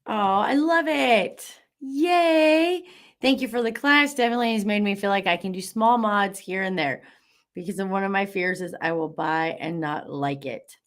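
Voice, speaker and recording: A woman's voice: medium pitch, normal speed, a bit bright. A woman hosting a live online class, bubbly and encouraging, reading out viewer comments with lots of fillers.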